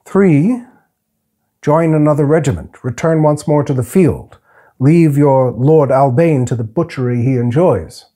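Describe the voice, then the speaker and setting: A man reading aloud, voicing a humble, polite little male healer who speaks formally and slowly. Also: a little high, dark tone. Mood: calm, courteous. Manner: formal, soothing, slow and careful.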